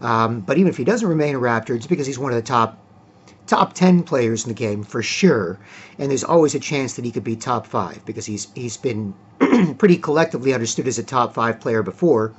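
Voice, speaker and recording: Guy rambling about basketball, lots of ums and uhs, keeps clearing his throat, ordinary mid voice. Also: medium pitch, animated, a little fast. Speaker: sports commentator. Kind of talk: casual solo sports talk.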